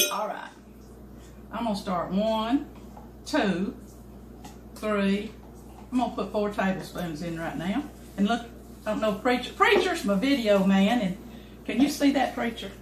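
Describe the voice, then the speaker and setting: A woman's voice: mid-range voice, slight background noise. Folksy woman cooking in an echoey kitchen. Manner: folksy, chatty, talks to the cameraman while cooking. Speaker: home cooking channel host. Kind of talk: casual home cooking demonstration. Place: home kitchen. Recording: echoey kitchen with clattering dishes.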